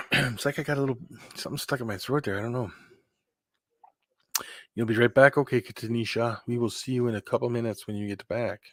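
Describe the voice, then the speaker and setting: A man's voice: mid-range voice, fairly even intonation, fast talker, long pauses, no room sound. A man hosting a casual live-stream chat, rambling and talking to his viewers. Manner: rambling, keeps clearing his throat. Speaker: host of a live hangout stream.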